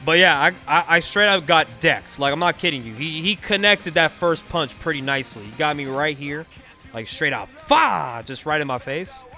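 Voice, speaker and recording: A young man from the Bay Area, commentating a gaming tournament and telling a story in a casual, slangy, animated way. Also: on the high side, normal speed. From California Bay Area. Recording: faint music behind.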